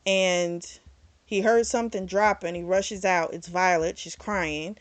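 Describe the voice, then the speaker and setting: A woman's voice: fairly low pitch, fairly even intonation, measured pace, dry recording. A woman recapping a novel's plot in a casual, chatty way, filling her speech with "like" and "um" and swearing now and then. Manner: chatty, retells plot in quoted voices, frequent "like" and "um". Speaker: book reviewer. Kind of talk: casual book review recap.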